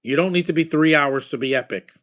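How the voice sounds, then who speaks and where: A man's voice: on the high side, quick pace, a bit bright. A man chatting casually while watching a movie, rambling with enthusiasm about films and their scores. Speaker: movie watcher giving reactions.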